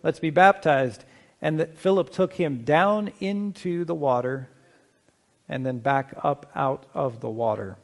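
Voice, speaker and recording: Creaky-voiced and on the high side, a middle-aged man preaches as pastor. He speaks in a measured, conversational way, poses questions to the congregation, and slows down to emphasize key points.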